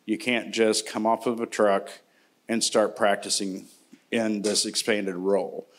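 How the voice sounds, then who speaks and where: A man's voice: lowish voice, little pitch movement, unhurried. A middle-aged man from Indiana, a longtime paramedic, speaking on a conference panel in a casual, joking storytelling way. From Indiana, United States.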